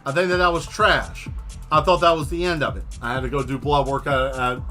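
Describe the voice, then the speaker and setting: A man hosting a casual stream, telling a long exasperated story with plenty of swearing and animated asides. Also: mid-range voice, fairly quick, soft background music. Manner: exasperated, profane, animated retelling. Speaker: host.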